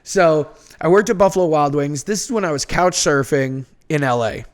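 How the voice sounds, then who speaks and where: A man with a Boston accent, a podcast guest telling stories in an animated, laughing way. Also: a little high, moderate pace. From North Shore of Massachusetts. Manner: animated storyteller, laughs easily. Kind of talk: casual chat.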